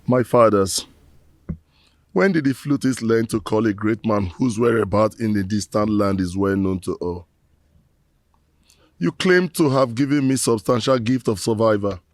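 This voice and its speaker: A man's voice: lowish voice, unhurried, dry recording, faint music behind. An actor playing a remorseful middle-aged man who prays formally to his ancestors in a Nollywood film, lamenting and pleading.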